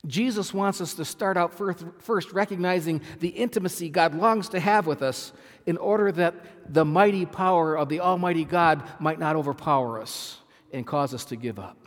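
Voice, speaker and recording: A man's voice: fairly high pitch, normal speed. Emphatic preaching man, hall reverb. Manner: emphatic, repeats phrases, swells and drops in volume. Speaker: pastor. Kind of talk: sermon.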